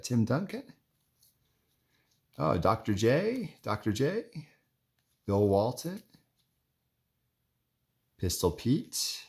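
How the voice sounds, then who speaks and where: A man's voice: on the low side, creaky, a little mellow. A man in casual running commentary as he flips through trading cards, rambling and chatty with lots of filler words. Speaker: card collector vlogger.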